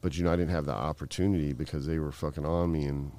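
A man's voice: rumbling low, fairly even intonation, fast talker, warm tone. A middle-aged man telling a long story in casual, rambling speech full of fillers and swearing. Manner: rambling, profane, heavy fillers. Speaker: guest.

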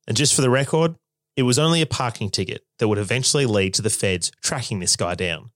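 A man's voice: mid-range voice, fast, a bit bright, no echo, clean studio sound. A man giving scripted documentary narration in a wry, dramatic way.

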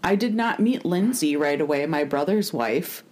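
A woman's voice: sits low, lively intonation, normal speed, a little mellow. A young woman hosting a podcast, chatting casually and recapping an episode, rambling and laughing often. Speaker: podcast host.

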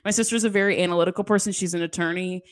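A woman's voice: fairly low pitch, fairly even intonation, racing. A woman hosting a podcast in casual chat, laughing often and filling her talk with "like". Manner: chatty, laughs often, says "like" a lot. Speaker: podcast host.

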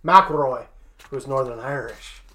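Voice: medium pitch, measured pace, fairly bright tone. A sports show host reading rankings in a casual talk style, with joking asides between the lists.

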